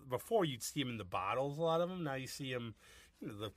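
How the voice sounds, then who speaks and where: A man co-hosting a casual podcast, chatty and quick with a comeback. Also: medium pitch, animated, no echo. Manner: chatty, tells joke stories in acted quotes. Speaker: podcast co-host. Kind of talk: casual chat.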